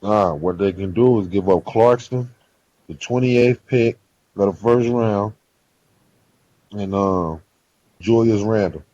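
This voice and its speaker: A man with a husky voice argues sports on a podcast, reeling off stats in relaxed slang. His mic sounds dry and a bit muffled. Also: lowish voice, slow pace, long pauses, no room sound. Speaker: podcast co-host. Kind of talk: casual sports chat.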